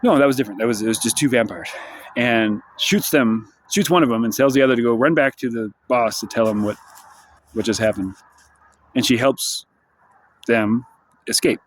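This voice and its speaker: Male vlogger, rambling and sardonic, swears freely, mid-pitched voice. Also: moderate pace, pauses often. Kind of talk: rambling monologue vlog. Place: outdoors in the sunshine.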